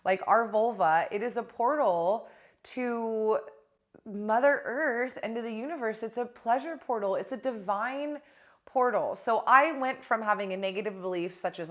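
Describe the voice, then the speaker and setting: A young adult woman coach talking casually to camera in a blunt, animated way, swearing now and then. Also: medium pitch. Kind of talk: casual direct-to-camera talk.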